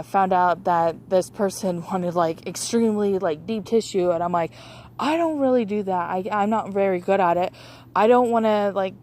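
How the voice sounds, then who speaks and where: A woman's voice: mid-range voice, a little mellow, slight background noise. Chatty young woman rambling about her work. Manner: rambling, many fillers and restarts. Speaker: massage therapist. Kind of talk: casual chat.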